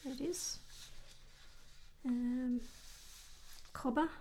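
A woman's voice: high-pitched, very slow, warm tone, a little hiss or hum. An older woman, chatting casually about slang, laughing often and finishing her friend's sentences. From came from England as a child, grew up in Sydney. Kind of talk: casual chat explaining slang.

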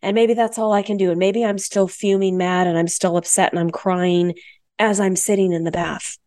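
A woman's voice: mid-range voice, fairly even intonation, normal speed, a little mellow, dry recording, clean studio sound. A woman co-hosting a health radio show, talking frankly and emphatically and repeating phrases for stress. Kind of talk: candid health talk.

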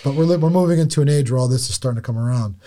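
A man co-hosting a podcast, thinking aloud in a halting, musing way with many restarts. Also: medium pitch, warm tone. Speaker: podcast co-host. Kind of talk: casual podcast chat.

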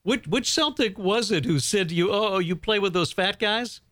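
Slightly high-voiced male radio host. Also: moderate pace, a bit bright, no room sound. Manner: prompting the guest, laughs along. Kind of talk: interviewing.

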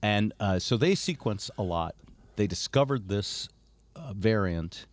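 A man's voice: fairly low pitch, measured pace. An older man hosting a chatty podcast, telling stories with many fillers. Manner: animated storyteller, many fillers. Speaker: host. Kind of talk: casual chat.

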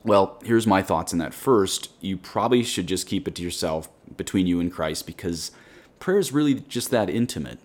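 A man with a very low voice teaches on prayer as a priest hosting his own podcast. He speaks in an earnest, direct and plain-spoken way, as if chatting with his listeners. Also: lively intonation, normal speed. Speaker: Catholic priest and podcast host. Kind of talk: conversational spiritual teaching.

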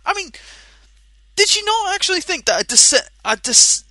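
A man's voice: very high-pitched, sing-song, moderate pace, long pauses, pushed and bright, no echo. A Scottish man co-hosting a podcast, ranting in exasperation with lots of swearing and stumbling restarts. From Scotland. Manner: restless, stumbling, self-interrupting delivery. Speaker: podcast co-host and game shop worker. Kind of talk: casual podcast rant.

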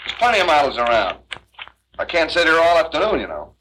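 A sleazy, pushy photographer. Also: male voice, a little high, wildly swooping pitch, fast talker, bright, forceful tone, slight background noise, full character voice, poor audio. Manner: pushy, wheedling, impatient. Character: sleazy manipulative male photographer. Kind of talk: 1960s film acting.

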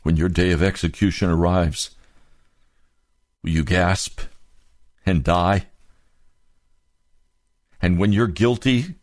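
A male preacher with a fairly low voice delivers an impassioned sermon. He drives home rhetorical questions and climbs to high, emphatic peaks. The sound is dry and close to the mic. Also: no room sound.

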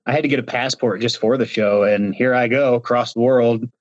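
A man's voice: mid-range voice, fairly even intonation, a little fast, no room sound, lo-fi sound. A man from Ohio, a reality show contestant, telling stories in a casual interview over a video call while gesturing with his hands. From Ohio, United States.

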